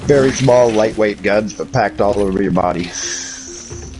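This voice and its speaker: Streaming a game, this American man trades profane jokes with chat in casual livestream talk, swearing as he goes. He has a fairly low voice and speaks a little slowly, with music in the background.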